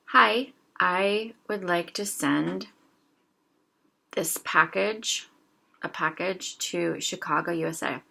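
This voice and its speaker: A woman teaching a language lesson, reading short dialogues aloud slowly and explaining each phrase, with a sore throat she keeps clearing. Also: lowish voice, bright, forceful tone.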